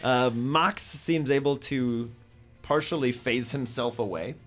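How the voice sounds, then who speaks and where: A man narrating a tabletop game as its game master, easygoing and rambling with lots of fillers. He jumps into loud voices for the people in the scene. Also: mid-range voice, slow, faint music behind. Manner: relaxed, filler-heavy narration with sudden shouted character voices.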